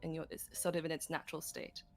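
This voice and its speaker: A woman's voice: low voice, level tone, quick pace, vocal fry, soft background music. A woman teaching singing technique on a livestream, explaining step by step with frequent light laughs. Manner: patient, giggly, explains step by step.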